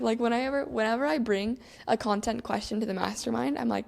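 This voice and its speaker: A young adult woman hosting a solo podcast, talking in a chatty, animated way and acting out her own inner thoughts. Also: on the high side, a little fast, creaky, hardly any pauses. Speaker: podcast host.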